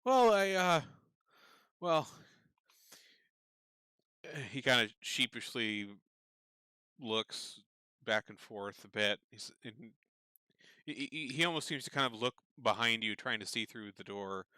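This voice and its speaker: Bright-voiced man narrating as game master. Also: mid-range voice, slow, pauses often, clear, resonant tone, no room sound. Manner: relaxed, full of fillers.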